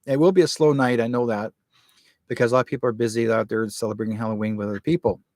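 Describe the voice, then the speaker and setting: A man's voice: medium pitch, quick pace, no room sound. Rambling male livestream host, dry sound. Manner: rambling, animated storyteller acting out quoted dialogue. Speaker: host of a live online talk show. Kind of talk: casual livestream storytelling.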